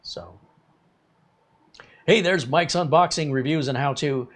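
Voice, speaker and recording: A man in his fifties hosts a live tech stream, his voice a little high and unhurried. He's a tech YouTuber who chats casually, rambling from topic to topic as he reads viewer comments.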